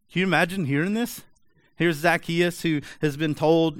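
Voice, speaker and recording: A man preaching a sermon in a conversational, animated way with frequent rhetorical asides. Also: on the high side, normal speed, smooth, no room sound. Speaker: pastor.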